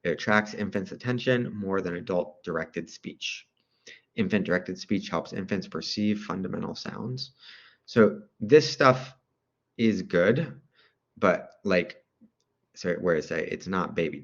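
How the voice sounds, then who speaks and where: Male lecturer, low and gravelly, loose conversational delivery, muffled recording. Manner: casual, with fillers and asides. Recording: dull lo-fi recording.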